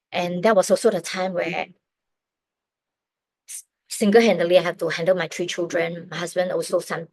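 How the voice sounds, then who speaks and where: A middle-aged woman, giving an earnest, emotional personal faith testimony with halting restarts. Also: fairly low pitch, no echo, rough recording. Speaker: testimony speaker.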